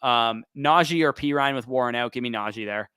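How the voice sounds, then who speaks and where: A man hosting a livestream Q&A, quickly reading off player choices and picking one, while he is losing his voice. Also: medium pitch, pushed and bright, clean tone, dry recording. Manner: quick, listing names then picking one. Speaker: fantasy football show host. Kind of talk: livestream Q&A, rapid-fire start/sit answers.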